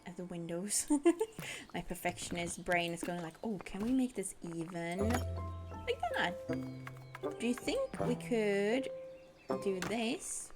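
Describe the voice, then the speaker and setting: Her mid-range voice has lively intonation, and this young woman takes it slowly while streaming a building game over background music. She keeps up casual, giggly chatter, bubbling along as she narrates her own actions.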